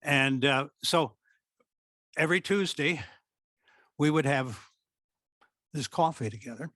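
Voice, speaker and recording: A man's voice: fairly high pitch, slow, no room sound. Older Midwestern man telling stories, dry sound. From American Midwest. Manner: animated storyteller who acts out quoted speech. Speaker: former theatre director. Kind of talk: storytelling reminiscence at a talk.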